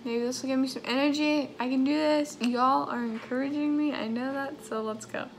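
High, gravelly young woman vlogging. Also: fairly even intonation, moderate pace, slight background noise. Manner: upbeat and chatty, drops y'all often. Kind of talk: casual vlog chat.

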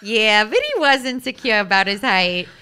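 A woman's voice: mid-range voice, big pitch swings, normal speed, pushed and bright, slight background noise, pitched above the performer's own voice. Woman reading as a tough early-thirties woman. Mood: deadpan. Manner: plain script reading.

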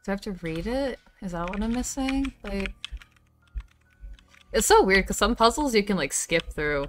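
A woman's voice: medium pitch, lively intonation, normal speed, background noise. A woman game streamer chatting casually as she plays, swearing freely and muttering to herself. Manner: swears freely, talks to herself while playing. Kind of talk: casual livestream chat while gaming.

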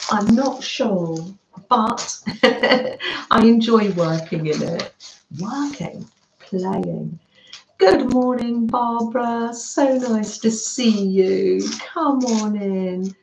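A British woman hosting a live craft stream, warmly welcoming viewers by name and chatting as she works. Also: on the high side, expressive, slow, roomy sound, slight background noise, low-quality recording. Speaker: craft livestream host.

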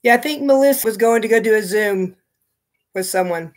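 A man's voice: high-pitched, brisk. A man chatting casually as he opens fan mail on his knitting vlog, gushing and thinking aloud. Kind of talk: casual unboxing chat.

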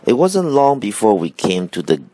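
A man reading a children's storybook aloud, slow and expressive. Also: lowish voice, dry recording. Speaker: reader.

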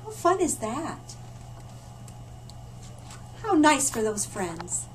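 A woman storyteller reading a picture book aloud to children in a library, animated and stopping for asides to her listeners. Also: fairly high pitch, drawn-out words. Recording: distant mic with faint room noise.

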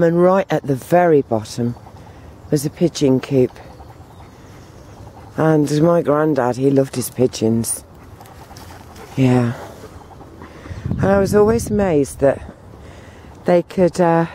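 A woman talking to the camera on an outdoor walk, meandering with many pauses and fillers. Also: sits low, mellow, slight background noise. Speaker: vlogger. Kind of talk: rambling walk-and-talk vlog.

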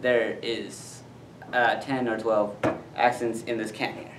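A man's voice: fairly low pitch, flat delivery, takes it slowly, noisy background. Guy hosting a goofy challenge vid, upbeat and loose, echoey room, far from the cam. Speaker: host. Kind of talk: casual video chat. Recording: roomy, camera far off.

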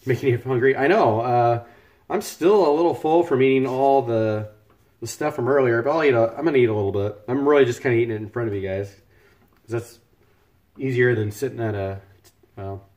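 A man's voice: medium pitch, a little mellow, lo-fi sound. A man talking loosely and cheerfully while he cooks on a livestream. He jokes around and thanks viewers by name, with an ordinary mid-range voice. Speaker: cooking livestreamer. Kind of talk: casual live-stream chat while cooking. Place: home kitchen.

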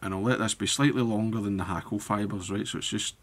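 A man demonstrating fly tying step by step, talking in a relaxed way as he works with his hands. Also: lowish voice, fairly quick. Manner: relaxed, thinking aloud while working with hands. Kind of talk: step-by-step tutorial narration.

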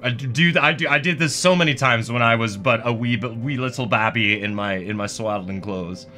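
A man giving comedic let's-play commentary as a gaming video host, goofy and sarcastic, swearing and getting excited as he plays. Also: mid-range voice, a little fast, soft background music.

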